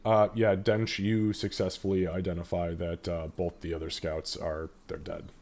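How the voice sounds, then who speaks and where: A man narrating as game master of a live tabletop game, measured and calm, with frequent fillers. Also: sits low, slight background noise.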